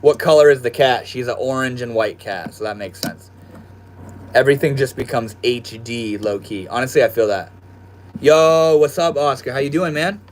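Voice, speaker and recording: A man's voice: medium pitch, normal speed, a little hiss or hum. Slangy young man hosting a livestream. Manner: laid-back, slangy, addresses viewers as bro and dude. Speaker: livestream host. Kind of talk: casual livestream chat reading viewer comments. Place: at home in his room.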